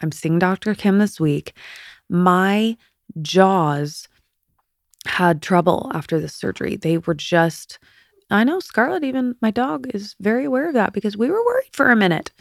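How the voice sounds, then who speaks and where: A woman in her fifties hosting a podcast, chatty and confiding, with a slight lisp on her S sounds and soft whispered asides. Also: mid-range voice, sing-song, moderate pace, creaky, dry recording, studio quality. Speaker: podcast host. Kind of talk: candid personal monologue.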